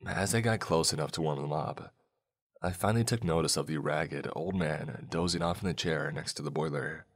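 A man narrating a first-person horror story in a measured, storytelling way. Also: very deep voice, slightly rough. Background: faint music.

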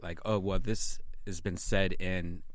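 A man co-hosting a casual podcast, explaining his ideas in halting, rambling sentences. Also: low voice, fairly even intonation. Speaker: podcast co-host.

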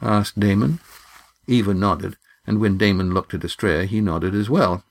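A male audiobook narrator with a low voice and a measured, even delivery. He reads the story steadily from a script. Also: creaky.

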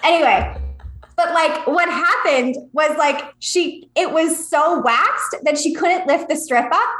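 A woman's voice: high voice, a little slow, a bit bright. A woman co-host telling a story in casual chat, blunt and swearing freely. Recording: roomy echo.

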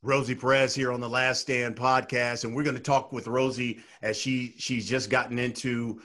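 A man hosting a podcast, playful and quick to laugh along with his guest. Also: medium pitch, little pitch movement, bright, forceful tone. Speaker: podcast host. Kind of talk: casual interview chat.

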